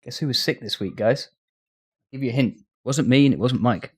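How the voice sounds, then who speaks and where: A man's voice: mid-range voice, moderate pace, husky. A man from the UK co-hosting a casual gaming podcast, teasing his friends in a playful way. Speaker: podcast co-host.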